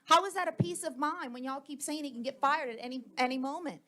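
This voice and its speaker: High-voiced heated woman at a board meeting. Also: quick pace, bright, forceful tone. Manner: heated, confrontational, repetitive. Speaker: school board member. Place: public board meeting room.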